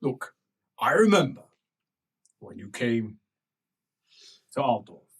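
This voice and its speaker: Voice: medium pitch, very animated, takes it slowly, slightly rough, far from the mic, voice pushed down, full character voice. A game master voicing a flustered male ambassador who stammers, hesitates and tries to placate. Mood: pleading. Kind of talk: improvised tabletop role-play.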